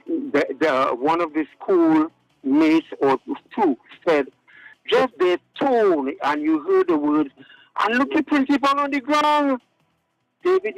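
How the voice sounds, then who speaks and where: A man's voice: sits high, vocal fry, no echo, poor audio. A man calling in to a radio talk show, giving his opinion earnestly and stressing his points by repeating words. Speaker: radio call-in caller. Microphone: phone line to radio studio.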